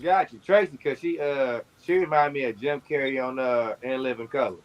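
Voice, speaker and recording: A man's voice: mid-range voice, normal speed. A man comedian chatting casually on a comedy game show, easygoing and drawling. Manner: easygoing, drawling, laughs loudly. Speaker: comedian contestant. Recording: dull lo-fi stream audio.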